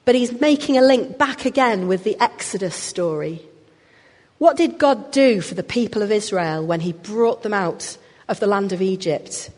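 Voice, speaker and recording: A woman's voice: mid-range voice, animated, moderate pace, darkish tone. A woman preaching a sermon. She talks expressively and pushes harder on the key words. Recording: long hall reverb.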